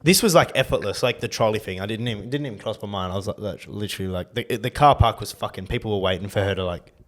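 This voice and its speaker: A man's voice: lowish voice, quick pace. A young Australian man co-hosting a podcast, chatting casually in a blunt way and swearing freely. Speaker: podcast co-host. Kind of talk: casual chat.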